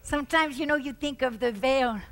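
Fervent high-voiced woman preacher. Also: normal speed. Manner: fervent preaching with shouts and exclamations; repeats words for emphasis. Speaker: pastor. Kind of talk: sermon.

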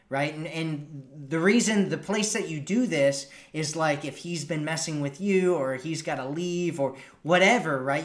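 Casual man coaching in an echoey room. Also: fairly high pitch. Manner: casual, conversational, acts out example lines. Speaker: dating coach. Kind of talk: live-stream coaching talk.

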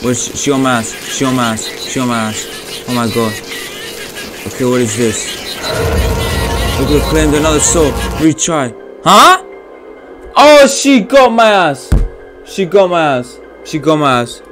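A man playing a horror game on his channel, talking in casual slang, swearing a lot and getting loud and panicky at the scares. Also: mid-range voice, fairly even intonation, moderate pace, music in the background. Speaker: gaming YouTuber. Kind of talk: horror game let's play.

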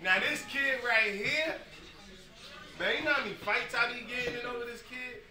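A man's voice: very high-pitched, normal speed. A man giving an emphatic, repetitive speech to an audience at a youth football ceremony. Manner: emphatic, storytelling, repeats phrases, builds to shouting. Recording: echoey room, speaker far from mic, noisy.

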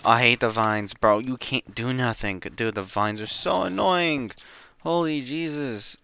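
A man giving casual gameplay commentary, excitable and slangy, swinging from muttering to yelling. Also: mid-range voice, unhurried, vocal fry, smooth. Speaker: gaming channel host.

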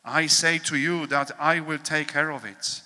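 A priest reading a devotional meditation in a slow, measured, solemn way, with pauses, in a large hall. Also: male voice, on the high side, fairly even intonation, sharp tone.

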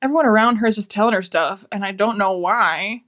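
A woman's voice: medium pitch, brisk, fairly bright tone. A woman giving a casual, rambling book review, sounding exasperated and swearing freely.

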